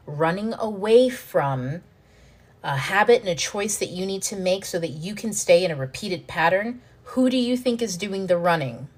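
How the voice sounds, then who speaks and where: A woman hosting a self-help video, explaining ideas in a frank, animated way, swearing freely and acting out panicked inner voices. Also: on the low side. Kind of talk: casual teaching monologue to camera.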